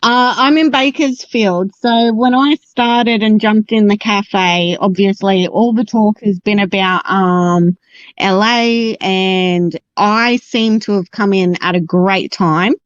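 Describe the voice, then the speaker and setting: A woman from around Sydney with an Australian accent, chatting casually and filling pauses with um and like. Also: mid-range voice, no room sound. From Sydney area, Australia. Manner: chatty, lots of um and like. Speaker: guest player. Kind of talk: casual chat. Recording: dull lo-fi voice chat audio.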